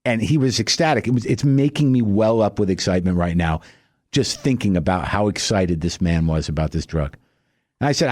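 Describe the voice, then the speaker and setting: A middle-aged man delivering a stand-up monologue, telling a wry story and leaping high and loud for his punchlines. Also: lively intonation, fairly quick, dry recording, clean studio sound. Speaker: stand-up comedian.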